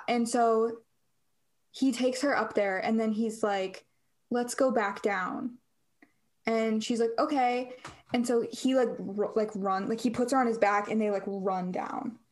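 A woman's voice: fairly high pitch, normal speed, a little mellow. A young woman co-hosting a podcast, retelling a film scene in a rambling, sarcastic casual chat full of fillers. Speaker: podcast co-host.

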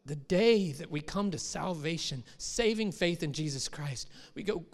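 A man's voice: a little high, animated, unhurried, few pauses. A middle-aged man preaching a sermon as pastor, in a conversational manner that rises into emphatic quoted voices. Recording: long hall reverb.

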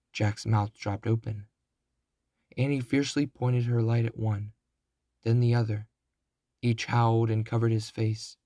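Slow, deliberate male storybook narrator. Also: mid-range voice, flat delivery, warm tone, no echo, clean studio sound. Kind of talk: children's storybook reading.

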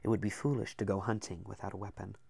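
A man voicing a calm hooded male Templar who speaks quietly and breathily with an odd accent, in an audiobook. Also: lowish voice, fast, no room sound. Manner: quiet, breathy, near whispered, oddly accented.

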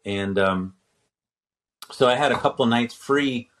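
A man's voice: fairly low pitch, unhurried, a bit bright. Rambling middle-aged man telling a story. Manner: rambling storyteller, quotes himself and others. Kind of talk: casual conversation.

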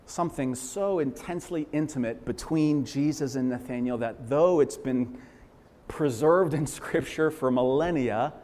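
A man preaching a sermon as pastor, fervent and emphatic, swinging from loud swells to hushed, quiet lines. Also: a little high. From Massachusetts, USA. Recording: long reverberant hall echo.

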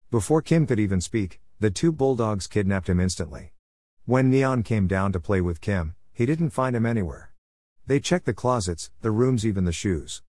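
Low-voiced man reading a story. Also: darkish tone, no echo, studio quality.

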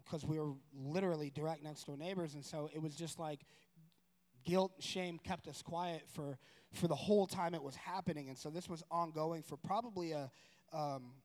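A man telling a personal story in a casual, rambling way, correcting himself and growing animated. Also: a little high. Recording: long room reverb.

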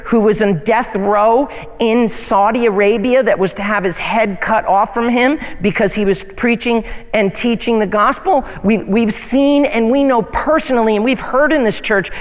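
Pastor, male, high voice, animated sermon delivery, church hall reverb. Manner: animated preaching with mocking whiny voices for quoted complainers. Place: church sanctuary.

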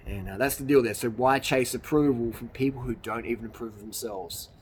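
A man's voice: mid-range voice, fairly quick, a little hiss or hum. A man, a YouTuber giving a blunt, rambling motivational rant outdoors in the hills, swearing and laughing at his own jokes. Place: outdoors in the hills on a cold evening.

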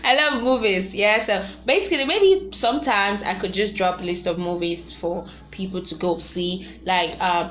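A young woman chatting casually to her viewers, lively and quick to laugh. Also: medium pitch. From Nigeria. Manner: chatty and animated, laughs often, sings snatches of songs. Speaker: vlogger. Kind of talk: casual vlog chat.

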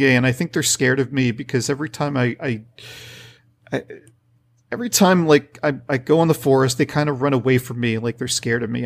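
A man's voice: medium pitch, gravelly, lightly acted. A man voicing a lonely, timid female shrine spirit who stammers and pleads tearfully.

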